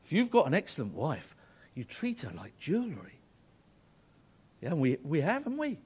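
A man's voice: fairly high pitch, wildly swooping pitch, moderate pace, a little mellow, breathy edge. Earnest man preaching a sermon. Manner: earnest, emphatic, building to fervent exhortation.

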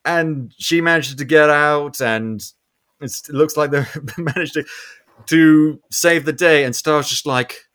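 A young man casually recapping a movie with a co-host, animated and swearing, acting out characters' lines. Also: a little high, measured pace, smooth. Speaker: podcast co-host.

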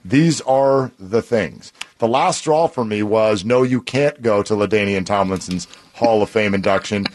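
A man's voice: lowish voice, unhurried, few pauses, darkish tone. Insistent male radio host, played clip. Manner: firm, insistent. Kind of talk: opinionated radio monologue.

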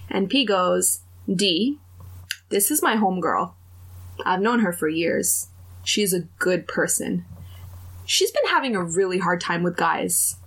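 A young adult woman with a gravelly, fry-touched voice tells a story in relaxed podcast chat. She slips into the voices of the people in her story as she goes. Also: on the low side, measured pace. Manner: animated, acts out quoted dialogue. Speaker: podcast co-host telling a dating story.

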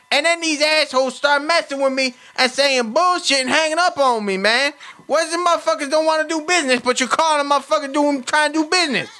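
A man voicing a hot-tempered, profane, streetwise caller on a prank phone call, loud and animated, swinging from rage to sweet talk. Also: very high-pitched, full character voice. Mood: ranting.

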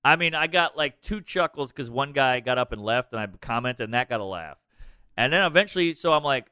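Comedian guy telling a story on a podcast, swears a lot, bright voice, all over the place pitch-wise. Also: fairly quick, clean tone, no echo. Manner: animated, profane. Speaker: guest comedian.

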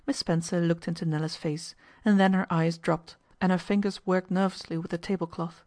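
A woman reading a classic novel aloud as an audiobook narrator, in a measured storytelling manner. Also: lowish voice, flat delivery, mellow. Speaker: audiobook reader.

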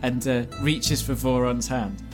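A man running a tabletop game as game master, narrating in a quick, lively way full of fillers. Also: mid-range voice, over music.

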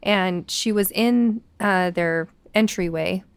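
A woman's voice: mid-range voice, slow pace, smooth, dry recording. A woman, co-host of a paranormal talk show, retelling a story in casual chat and quoting the people in it. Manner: animated, quotes people as she tells the story.

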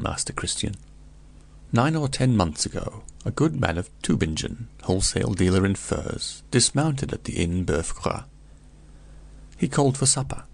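A man's voice: deep voice, vocal fry, slightly rough, full character voice. A man voicing a gossipy older male curiosity vendor who tells a grim tale in a chatty, meditative way.

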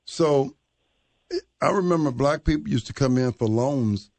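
A man's voice: medium pitch, a little slow, a little mellow. A man hosting a sports radio show, chatting casually and breaking in with teasing remarks.

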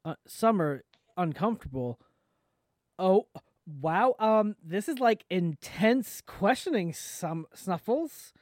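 A woman reading stage directions aloud in a casual, halting script read-through. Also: mid-range voice, lively intonation, darkish tone, no echo, clean studio sound. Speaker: script reader.

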